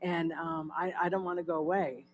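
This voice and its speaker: A woman's voice: on the low side, fairly even intonation, a little fast, a little hiss or hum, rough recording. A woman giving her personal testimony at a church in a candid, conversational storytelling way. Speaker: guest speaker sharing her testimony.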